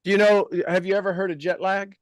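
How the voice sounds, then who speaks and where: A man hosting a casual podcast conversation as a life coach, talking in an emphatic, blunt and animated way. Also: sits high, quick pace, no room sound, clean studio sound.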